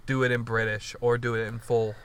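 A man in a casual chat with friends, tossing in quick wisecracks and swearing. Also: medium pitch, level tone, clear, resonant tone.

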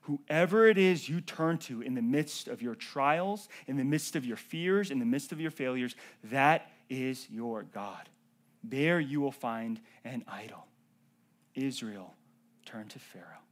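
A male pastor preaching a sermon. He swings between loud emphatic rises and hushed near-whispers, and he often checks in with the congregation by asking "right?" and "okay?". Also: medium pitch, expressive, unhurried. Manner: addresses the congregation directly with frequent "right?" and "okay?".

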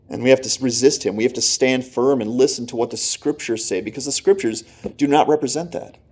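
A man's voice: medium pitch, a little mellow. A man preaching a sermon in an earnest manner, often checking in with his listeners.

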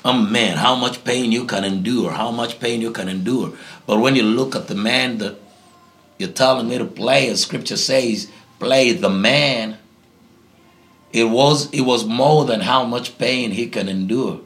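A man's voice: mid-range voice, measured pace, gravelly, a bit bright. A man from Africa, a pastor answering interview questions in a preaching tone, emphatic and fond of repeating key phrases. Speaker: guest pastor.

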